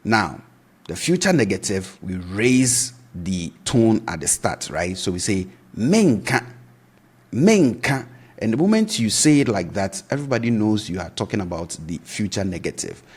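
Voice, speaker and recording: Brief: male language tutor, low husky voice, patient, repeats each word for the learner. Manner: patient, repeats words to drill pronunciation. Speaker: language teacher. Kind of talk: video lesson explanation.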